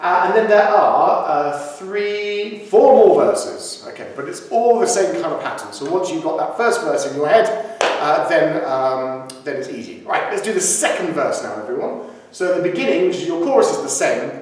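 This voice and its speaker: Singing teacher with a Surrey accent. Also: male voice, on the high side, lively intonation, moderate pace, slight background noise. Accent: Surrey English. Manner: explains lyrics between sung lines, cheerful and chatty. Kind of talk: online singalong lesson. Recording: echoey room, distant mic, loud music. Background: piano accompaniment.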